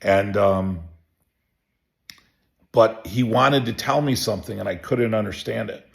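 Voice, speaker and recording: Guy with a gravelly voice rambling through a story from his own practice. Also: lowish voice, a little slow. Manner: relaxed, rambling with restarts and fillers. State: emotional. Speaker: chiropractor. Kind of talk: personal storytelling. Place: home.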